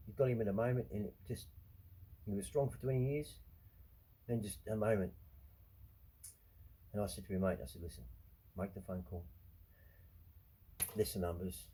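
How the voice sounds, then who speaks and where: A man's voice: fairly low pitch, steady tone, warm tone, a little hiss or hum, poor audio. Foul-mouthed Australian man ranting. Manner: swears constantly, rants, quick to anger. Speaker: show host. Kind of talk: profane monologue.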